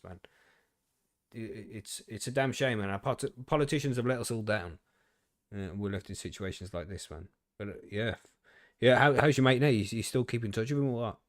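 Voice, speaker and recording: A man's voice: medium pitch, no room sound, studio quality. Laid-back male podcast host. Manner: laid-back, frequent agreeing interjections, swears. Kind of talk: casual podcast chat.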